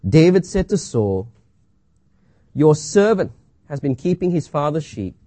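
A man preaching a sermon, reading scripture aloud and asking rhetorical questions with dramatic pauses. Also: on the high side, sing-song, warm tone, no echo.

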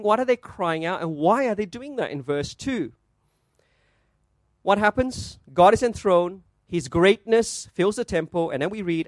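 High-voiced pastor preaching a sermon. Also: male voice, dry recording. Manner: asks rhetorical questions, stresses words slowly.

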